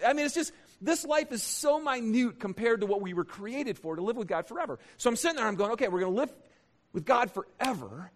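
A middle-aged man with a notably high voice preaches a sermon. He is animated and conversational, throwing questions at the congregation. His delivery swings between quick, excited bursts and slow, hushed emphasis. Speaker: pastor.

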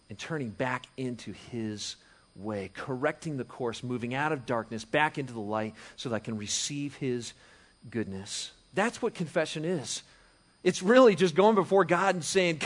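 A man preaching a sermon as pastor, conversational and animated, moving from hushed to loud and emphatic. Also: mid-range voice, moderate pace, slightly rough. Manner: conversational with frequent restarts and chuckles.

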